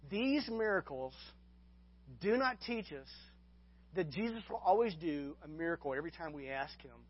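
A man's voice: fairly high pitch, expressive, moderate pace, dull audio. A man preaching a sermon as pastor, often restarting and repeating words, with folksy asides to his congregation.

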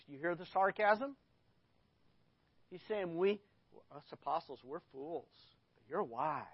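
High-voiced pastor preaching with dramatic bursts. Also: male voice, slow, pauses often, husky, no room sound. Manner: animated, dramatic scripture reading with sudden loud bursts. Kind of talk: sermon. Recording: dull, lo-fi dry recording.

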